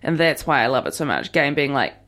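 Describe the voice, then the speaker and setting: A woman's voice: a bass voice, big pitch swings, fast talker, fairly bright tone. A woman co-hosting a podcast in casual chat, rambling with lots of fillers.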